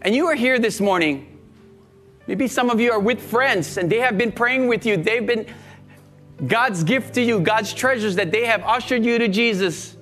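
High-voiced pastor praying earnestly. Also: male voice, normal speed, a bit bright, soft background music. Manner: earnest and pleading, repeats phrases. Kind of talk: sermon and altar-call prayer.

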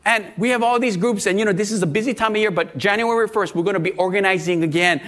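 High-voiced pastor preaching. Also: male voice, fast. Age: middle-aged. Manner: animated storytelling, acting out quoted voices. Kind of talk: sermon.

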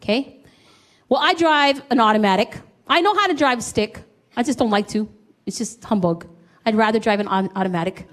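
A woman's voice: a little high, a little fast. A middle-aged woman preaching a sermon, telling a personal story and acting out the dialogue in it. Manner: animated, acts out quoted dialogue.

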